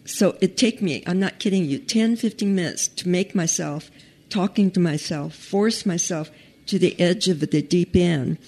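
A woman's voice: fairly low pitch, a little mellow, slightly rough. Woman telling a personal story. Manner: unhurried, conversational, with pauses and restarts.

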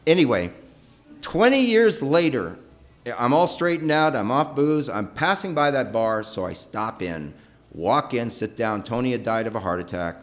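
A middle-aged man telling a personal story with emotion. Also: normal speed. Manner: emotional, animated, pitch rising and falling sharply.

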